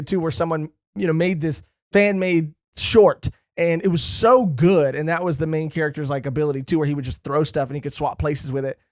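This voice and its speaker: A man's voice: on the high side, no echo, clean studio sound. A man co-hosting a podcast in a casual chat, enthusiastic and swearing freely. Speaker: podcast co-host. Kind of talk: casual chat about a comic series.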